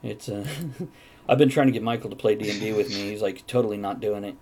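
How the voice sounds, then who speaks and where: A man's voice: lowish voice, fairly even intonation, brisk, a crowd in the background. A man hosting a casual panel chat, jokey and upbeat as he steers the talk. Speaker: host.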